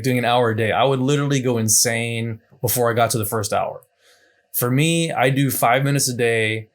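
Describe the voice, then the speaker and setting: Man giving loose, chatty language tips. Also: mid-range voice. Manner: loose and conversational, many restarts and asides. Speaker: language teacher. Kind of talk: casual unscripted teaching talk.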